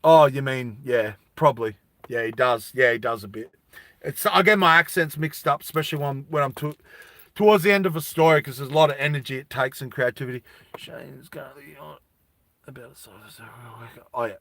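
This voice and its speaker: An Australian man telling a story on a live stream, animated and laughing often as he talks with viewers. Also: medium pitch, a little fast, no echo.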